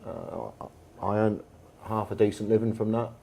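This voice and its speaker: Man, English, mellow low voice; anecdotal guest speaker at a bar event. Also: fairly even intonation, moderate pace, vocal fry, slightly rough. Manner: chatty, anecdotal, with frequent fillers. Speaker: football manager and guest speaker. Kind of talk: storytelling in an on-stage conversation. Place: bar event room with an audience.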